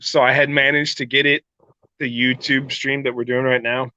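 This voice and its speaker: A man joining his partner's live stream, teasing playfully and laughing loudly. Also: medium pitch, level tone, moderate pace, no room sound. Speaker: host's partner. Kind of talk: casual live-stream chat. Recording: dull lo-fi stream audio.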